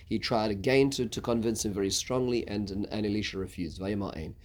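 A man teaching a casual Bible lesson, halting, with many stuttered restarts. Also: fairly low pitch, a little mellow. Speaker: Torah teacher.

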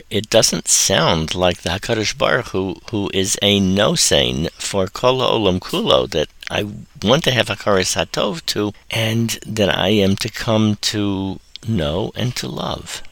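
A man teaching a Torah lecture in an animated way, acting out quotes and making puns. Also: on the low side, creaky, no room sound, poor audio. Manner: animated, voices God and the earth in quotes, punning.

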